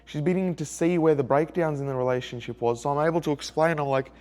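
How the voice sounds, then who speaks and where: A man's voice: a little high, steady tone, quick pace, darkish tone. An upset man, telling a rambling personal story in a video diary and repeating himself when hurt. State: emotionally upset. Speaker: vlogger.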